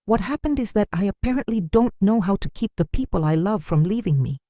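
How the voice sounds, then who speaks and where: A numb, cold grown son speaks in flat, clipped phrases, read by a woman. His bitterness shows through a mellow tone. The sound is close and dry, with no room around it. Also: a little high, moderate pace, dry recording. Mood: bitter.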